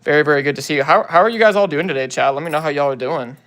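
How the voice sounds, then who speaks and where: A gravelly-voiced young man hosts a casual livestream through his phone's mic, reading viewer comments and tossing off quick greetings in relaxed slang. His voice sits a little high and sounds a bit bright.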